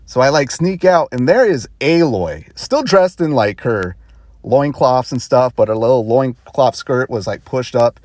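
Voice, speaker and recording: A man recounting a story in a loose, rambling vlog style, often laughing at himself. His pitch swings widely as he goes, and his voice sits at a middle height. The sound is dry with no room echo. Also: unhurried. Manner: rambling, animated, self-conscious laughter. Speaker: vlogger. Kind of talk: casual storytelling.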